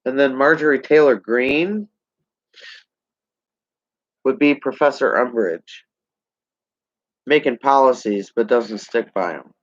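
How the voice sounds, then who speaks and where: Man, vlogger ranting to camera: slow, sarcastic, heated, dry dull sound. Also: medium pitch, no room sound. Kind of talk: political rant to camera.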